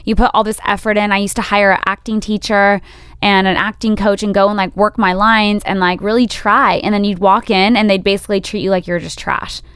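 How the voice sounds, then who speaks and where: A woman's voice: medium pitch, fairly even intonation, fairly quick, a bit bright, clear, resonant tone, no echo, studio quality. A woman co-hosting a podcast, talking in a chatty way, thinking aloud and filling her talk with "like". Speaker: podcast co-host. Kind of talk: casual chat.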